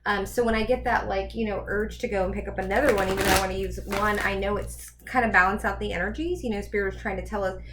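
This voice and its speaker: A woman's voice: medium pitch, fairly even intonation, fast talker, hardly any pauses, very noisy. A woman giving a casual tarot reading, chatty and rambling as she thinks aloud. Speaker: tarot reader.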